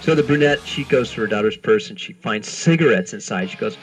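A man's voice: fairly low pitch, expressive, brisk, hardly any pauses, faint music behind, poor audio. A man co-hosting a podcast, trading dry wisecracks and telling a dirty joke. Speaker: podcast co-host. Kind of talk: casual crude banter.

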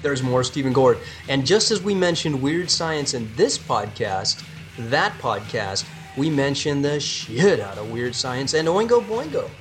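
A man's voice: mid-range voice, animated, a little slow, a bit bright, faint music behind. A man co-hosting a podcast, chatting casually and telling a joke in a playful way. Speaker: podcast co-host.

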